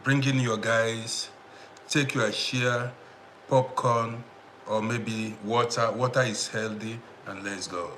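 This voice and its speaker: A man's voice: mid-range voice, steady tone, slow pace, pushed and bright, a little hiss or hum. A man hosting a casual live stream, greeting viewers by name and repeating himself as he talks to the audience. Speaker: livestream host.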